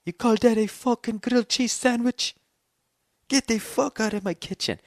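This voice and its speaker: A man voicing a hot-tempered male TV chef with a foreign accent who yells and berates. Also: extremely high pitch, steady tone, normal speed, no echo, clean studio sound, voice pushed up. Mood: furious. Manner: yelling, berating.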